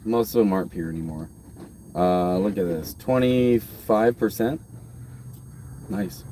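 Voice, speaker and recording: A man's voice: lowish voice, measured pace, mellow, slight background noise. Rambling laid-back male live streamer. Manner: loose, rambling, swears freely. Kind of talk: casual live stream chat. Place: outdoors by his truck at a park.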